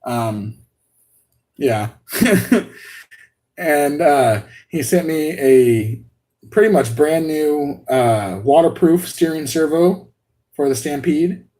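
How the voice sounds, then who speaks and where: Excited young-sounding man rambling on a livestream. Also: a little high, slow. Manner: excited, rambling, many restarts and laughs. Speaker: RC hobby channel host. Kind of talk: live unboxing stream chat.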